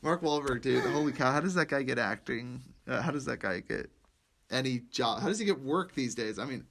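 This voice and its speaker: A young man on a casual movie podcast, talking in an excited, rambling way. He stumbles over his words, laughs often and keeps jumping from one thought to the next. His voice sits at an ordinary pitch for a man. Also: fairly quick, creaky, slight background noise. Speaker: podcast co-host.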